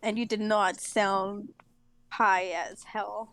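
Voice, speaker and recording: A woman's voice: mid-range voice, level tone, slow, a bit bright, dry recording. A woman chatting casually on a gaming stream, teasing her friend and giggling.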